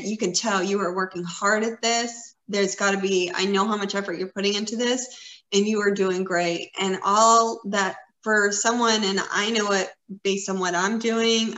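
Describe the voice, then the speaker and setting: A woman's voice: mid-range voice, a bit bright. A woman in her fifties talking in an earnest, encouraging way, rambling a little with fillers in casual conversation. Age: 50s. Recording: roomy echo.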